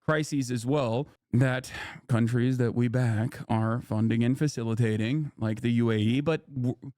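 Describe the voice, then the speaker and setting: A man's voice: mid-range voice, steady tone, unhurried, warm tone, no room sound, clean studio sound. A man giving casual live-stream commentary on clips, sarcastic, heated and emphatic.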